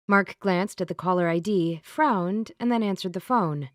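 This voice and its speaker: A woman narrating an audiobook in an even, measured reading on a close microphone. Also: fairly low pitch, no echo. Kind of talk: scripted narration.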